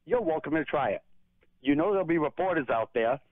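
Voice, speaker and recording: A man's voice: fairly high pitch, big pitch swings, fairly quick, creaky, no room sound. A man calling into a talk radio show by telephone, making his points earnestly and argumentatively. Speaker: caller. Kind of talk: talk radio phone call. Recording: tinny phone line.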